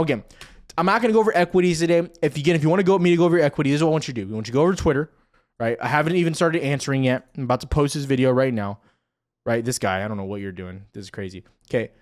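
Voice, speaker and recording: A young man hosting casual stock market commentary, talking straight to viewers over charts with joking asides. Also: a little high.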